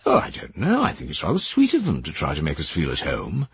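A man's voice: a bass voice, huge pitch swings, quick pace, slightly rough, dull audio, full character voice. A man voicing a wry young female secretary who speaks in a light, teasing way.

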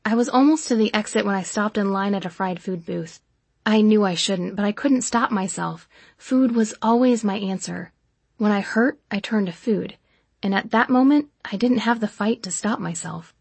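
A woman reading a first-person story as an audiobook narrator, emotional and intimate, slowing down for dialogue. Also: mid-range voice, gravelly, a little mellow, breathy edge, dry recording.

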